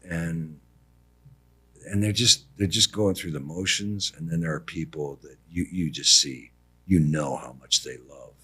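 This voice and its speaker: A middle-aged American man telling family stories as a podcast guest in a casual, animated way. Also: husky. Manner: animated, mimics his mother in a high voice. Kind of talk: casual storytelling.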